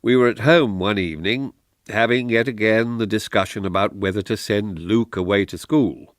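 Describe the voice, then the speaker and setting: An actor playing an older retired politician whose wife has vanished, speaking slowly and reflectively with a wry edge. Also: male voice, on the low side, no echo, clean studio sound, close to an everyday voice. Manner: reflective, wry, slow delivery. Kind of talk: radio drama acting.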